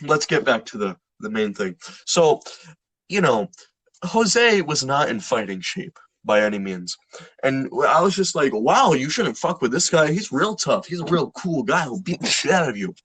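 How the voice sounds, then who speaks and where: A young man co-hosting a podcast, telling a story in casual banter, animated and swearing, acting out the people in it. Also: mid-range voice, moderate pace, slightly rough, dry recording. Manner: animated, swears a lot, acts out voices in anecdotes. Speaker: podcast co-host.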